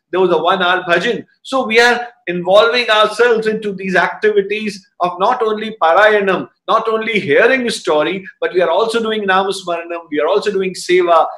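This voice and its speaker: A man tells devotional stories in a fairly high voice. He acts out the dialogue as an animated storyteller. The room adds a clear, roomy echo. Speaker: satsang speaker.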